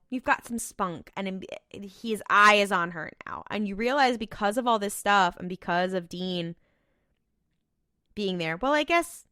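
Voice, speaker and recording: A woman with a bright, forceful voice tells the story in casual podcast chat. She quotes characters in quick asides. The sound is close and dry. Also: mid-range voice, clear, resonant tone, no room sound. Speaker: podcast co-host.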